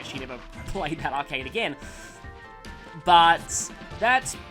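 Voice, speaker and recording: Give me a chatty man narrating a let's play over game music. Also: a little high. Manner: rambling, chatty, self-deprecating, often breaks off mid-story to react to the game. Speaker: gaming channel host. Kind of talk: let's play commentary with storytelling.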